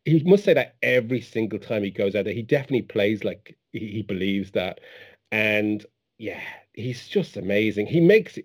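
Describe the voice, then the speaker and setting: A man talking football in a casual chat, enthusiastic and effusive. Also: mid-range voice.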